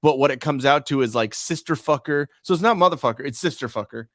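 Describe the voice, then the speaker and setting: A man's voice: fairly high pitch, fast, a bit bright, no room sound, studio quality. A man co-hosting a podcast in loose, rambling chat, swearing freely and leaning on fillers. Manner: profane, rambling, many fillers. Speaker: podcast co-host.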